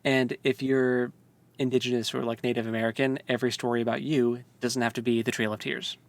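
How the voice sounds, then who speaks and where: A man's voice: mid-range voice, fairly quick. Chatty, laughing man podcast co-host. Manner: animated, laughing, filler-heavy. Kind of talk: casual podcast discussion.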